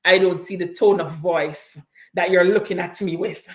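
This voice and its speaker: A woman's voice: lowish voice, steady tone, normal speed, echoey room. A mother talking in a casual chat about raising her kids, earnest and emphatic, repeating her key points. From came to Canada from abroad. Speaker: parent sharing experiences on a livestream.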